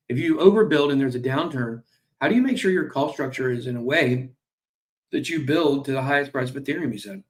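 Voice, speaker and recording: A man hosting a crypto stream, casually reading and commenting on company news with jokey asides, fillers and apologies, sounding a little tired. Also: medium pitch. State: tired, yawning. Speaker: crypto show host. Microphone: streaming mic.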